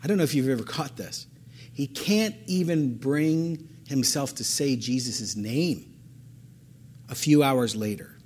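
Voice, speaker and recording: A pastor preaching a sermon, emphatic and fond of repeating phrases for stress. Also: male voice, medium pitch, expressive, a little slow, a little mellow, husky.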